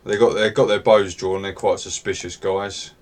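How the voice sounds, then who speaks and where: Low-ish guy running a tabletop game, rambly and laid back. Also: normal speed. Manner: relaxed and rambling, with many fillers. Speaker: game master.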